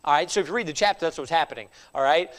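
A man's voice: fairly high pitch, very fast, a bit bright. Emphatic male pastor in a reverberant church. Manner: emphatic, conversational, with repeated restarts. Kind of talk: sermon. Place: church sanctuary.

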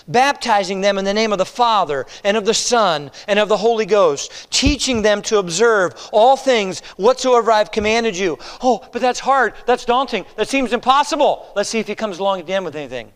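Animated high-voiced pastor preaching in a hall. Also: male voice, fairly quick, hardly any pauses, clean tone. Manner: preaching with dramatic swings from hushed to emphatic. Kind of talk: sermon.

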